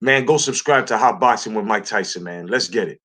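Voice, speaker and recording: A man's voice: on the low side, brisk, background noise. Hyped male channel host. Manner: hyped and earnest. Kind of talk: reaction commentary.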